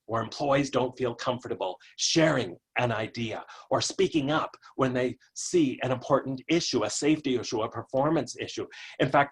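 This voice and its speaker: Husky, animated male keynote speaker. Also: medium pitch. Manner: energetic, storytelling, playful asides. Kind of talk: motivational keynote webcast.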